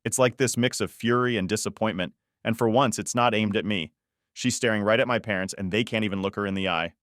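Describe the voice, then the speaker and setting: A man reading a first-person story as a scripted narration, in an even, measured manner. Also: lowish voice, no echo, clean studio sound.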